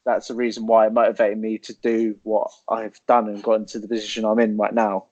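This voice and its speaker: A man in his twenties, a guest telling his story in relaxed casual chat, rambling and swearing. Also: lowish voice, brisk, no echo. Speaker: podcast guest, online coach. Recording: dull, dry lo-fi sound.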